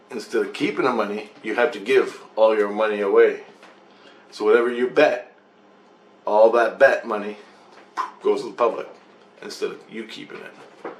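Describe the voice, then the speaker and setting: A man vlogging, telling a dream story in a loose, profane, meandering way. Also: lowish voice. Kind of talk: rambling casual storytelling. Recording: echoey room with faint ambience.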